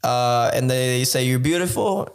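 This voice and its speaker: Male podcast co-host, frank advice-giver with casual swearing, mid-pitched voice. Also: animated, measured pace, vocal fry.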